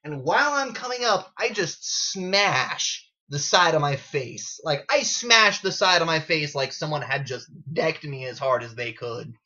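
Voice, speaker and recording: Animated sarcastic man telling a story. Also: sits high, dull audio. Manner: animated and sarcastic, swears freely. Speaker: gaming video creator. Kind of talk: unscripted casual storytelling. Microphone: built-in camera mic.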